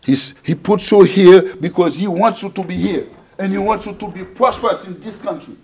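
A middle-aged man from Haiti preaching a sermon, repeating phrases and swinging between loud emphasis and quiet asides. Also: high-pitched, moderate pace, creaky, slightly rough.

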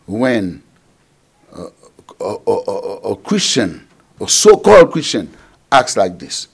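A middle-aged man from Haiti preaching a sermon, repeating phrases and swinging between loud emphasis and quiet asides. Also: fairly low pitch, sing-song, takes it slowly, creaky, long pauses, husky.

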